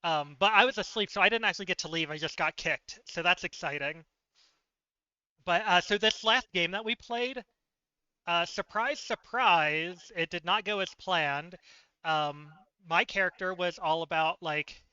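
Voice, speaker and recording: A man livestreaming, telling a story in casual, animated chat with plenty of fillers and laughs. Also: high-pitched, normal speed, smooth, dry recording, dull audio. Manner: chatty and animated, laughs often, many fillers.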